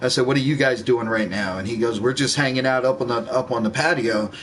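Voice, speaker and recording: A man's voice: mid-range voice, fast talker, crowd noise. A man casually telling a rambling story while gaming, laid-back and swearing freely. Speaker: gaming streamer.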